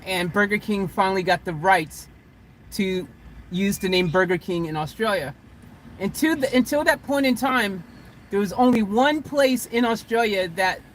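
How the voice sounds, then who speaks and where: Casual van-life vlogger, rambling and self-correcting, chuckles often, mid pitch, light background noise. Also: fairly bright tone. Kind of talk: casual storytelling to camera. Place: inside a van.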